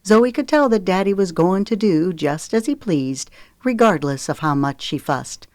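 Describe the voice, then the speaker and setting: Low-voiced woman narrating an audiobook. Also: animated, moderate pace, darkish tone, no echo, clean studio sound.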